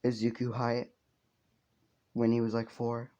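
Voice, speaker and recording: A man's voice: mid-range voice, completely flat delivery, a little slow, mellow, lo-fi sound. A man casually telling a fan story, rambling with lots of fillers and swearing.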